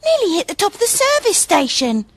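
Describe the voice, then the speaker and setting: Lady doing high sweet fairy mum, gracious. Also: wildly swooping pitch, a little fast, dry recording, heavily acted.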